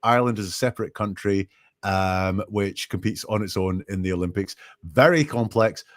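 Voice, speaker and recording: Scottish guy, lowish voice, friendly and chatty, lots of ums. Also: moderate pace. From Scotland. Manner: friendly, explanatory, with many "um"s. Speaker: guest commentator. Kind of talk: casual live-stream chat.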